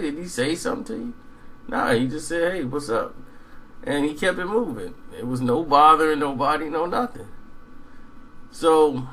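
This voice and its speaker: A man telling a rambling, animated story in casual monologue, acting out quoted dialogue. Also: on the high side, a little hiss or hum, poor audio.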